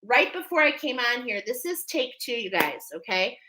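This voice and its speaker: A spiritual card reader with a fairly high, very animated voice leads a live oracle card reading at normal speed, emotional and preacher-like. She is emphatic and keeps checking in with listeners, constantly asking "okay?", over background noise.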